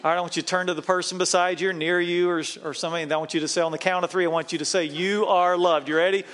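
A man's voice: high-pitched, little pitch movement, very fast, fairly bright tone. A man, a pastor, preaching a sermon in a church and leading the congregation in call-and-response. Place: church sanctuary.

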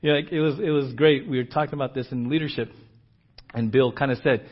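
A man preaching a sermon as pastor, moving between a hushed, slow prayer and loud, emphatic preaching. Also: medium pitch, steady tone. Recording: dull lo-fi church audio.

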